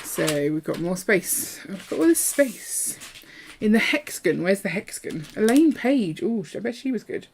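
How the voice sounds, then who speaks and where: A woman's voice: medium pitch, very animated, normal speed, vocal fry, slight background noise. A woman hosting a live building stream, chatting casually and playfully while she works. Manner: chatty and playful, breaks into song.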